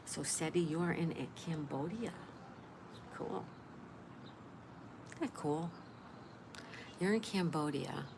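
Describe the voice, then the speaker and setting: A woman speaks slowly with long pauses in a low voice while hosting a casual live stream. She's chatty, addressing viewers by name and reading their comments aloud, and the recording has clear background noise.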